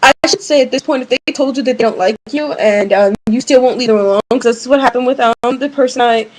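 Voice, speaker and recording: A young woman vents to her webcam in a casual, rambling way, stopping and restarting her sentences and filling the gaps with ums. Her voice sits a bit high. It sounds like a webcam mic in a room at home. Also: quick pace, rough recording. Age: young adult. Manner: rambling, many fillers and restarts. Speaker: vlogger.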